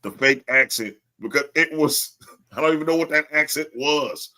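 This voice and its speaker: A man's voice: a little high, normal speed. A man co-hosting a wrestling podcast, chatting casually and laughing often. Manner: laughs often, animated storytelling. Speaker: podcast co-host.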